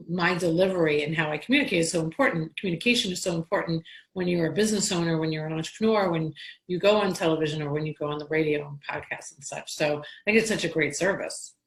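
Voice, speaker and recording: A woman hosting a casual interview in a somewhat low voice. She is chatty and tells stories in long, winding sentences, often restarting her thoughts. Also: creaky, low-quality recording. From Long Island, New York. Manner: chatty, storytelling, with frequent restarts. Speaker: podcast host.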